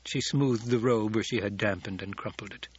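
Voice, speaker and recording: A man narrating an audiobook in a calm, even read. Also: on the low side, moderate pace, breathy edge, dull audio. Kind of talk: scripted narration.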